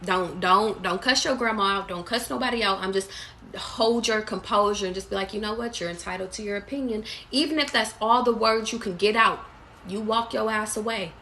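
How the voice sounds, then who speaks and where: Gravelly, bright-voiced woman tarot reader. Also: mid-range voice, moderate pace, a little hiss or hum. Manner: blunt, profane, calls listeners baby. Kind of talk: live tarot reading to viewers. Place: away from home.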